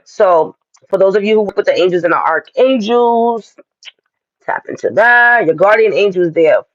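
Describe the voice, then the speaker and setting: A man's voice: sits high, normal speed, a bit bright, dry recording, lo-fi sound. A man giving a casual astrology and tarot reading, talking straight to his viewers in a chatty, direct way.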